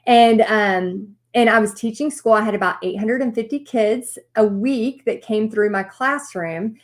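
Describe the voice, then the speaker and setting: A woman telling a personal story to an audience in a lively way, acting out what people said. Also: a little high, unhurried. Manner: animated storytelling with acted-out quotes. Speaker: paint party business teacher.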